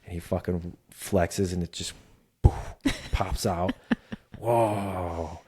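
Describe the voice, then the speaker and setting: A man's voice: sits low, little pitch movement, slow, warm tone, slightly rough. A man in his thirties co-hosting a casual comedic chat, riffing long profane stories. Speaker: podcast co-host.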